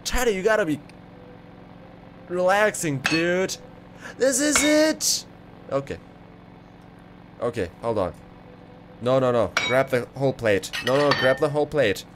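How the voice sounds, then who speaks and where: A man giving excitable let's play commentary, exclaiming and rambling as he goes. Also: a little high. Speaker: gaming video creator. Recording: clear background game noise.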